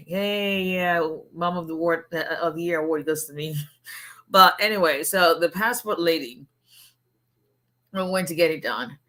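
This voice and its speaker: Hosting a laid-back livestream, a middle-aged immigration lawyer from Africa welcomes viewers and rambles comfortably through her talk. She has a bright, forceful voice pitched a little low, and laughter frequently breaks up her points.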